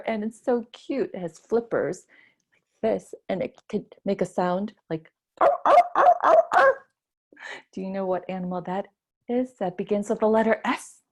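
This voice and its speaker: A woman, a children's librarian, teaching a preschool storytime lesson with gasps and a sing-song delivery for small children. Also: on the low side.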